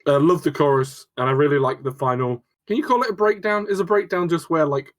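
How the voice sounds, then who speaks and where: A man's voice: a little high, brisk. Crude joking man reviewing music. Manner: crude, joking, mock voices. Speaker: podcast co-host. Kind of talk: casual banter review.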